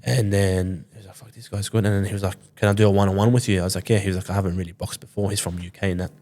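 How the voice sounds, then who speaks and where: A man's voice: low voice, level tone, racing, dark tone. A man in his twenties, a podcast guest telling a story casually, swearing often and acting out what others said. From Sydney, Australia. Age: 20s. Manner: loose, swears often, acts out quoted dialogue.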